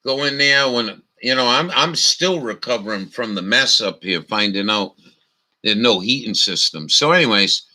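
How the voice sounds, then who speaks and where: A man's voice: medium pitch, expressive, normal speed, pushed and bright. A man from telling a profane, ranting story as a vlogger. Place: camper.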